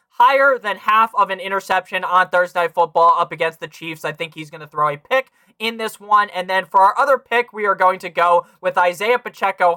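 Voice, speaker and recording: A man's voice: high voice, pushed and bright, clear, resonant tone, dry recording, studio quality. A young man hosting a fantasy football podcast, talking casually, brash and foul-mouthed, speaking straight to his listeners. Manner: brash, swears freely, talks to listeners directly; reads a sponsor ad. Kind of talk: casual profane sports analysis.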